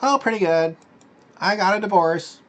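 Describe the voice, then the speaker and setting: A man's voice: high-pitched, animated, normal speed, fairly bright tone, voice pushed up. A man voicing a cheery, recently divorced male caller in a raised, chipper voice.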